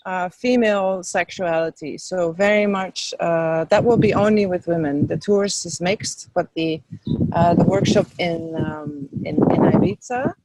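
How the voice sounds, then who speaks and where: A woman's voice: fairly low pitch, a little slow, a little mellow, poor audio. A woman spiritual teacher talking enthusiastically about her tours and workshops in a casual interview, with lots of fillers, outdoors in the wind. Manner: enthusiastic, chatty, with many fillers. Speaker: spiritual teacher and tour leader, guest.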